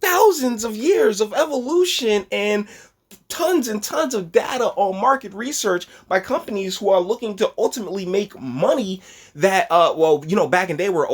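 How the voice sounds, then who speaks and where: A man hosting a casual reaction commentary, talking in an animated, rambling way with repeated words and laughs. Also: high voice, normal speed, breathy edge. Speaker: commentary channel host.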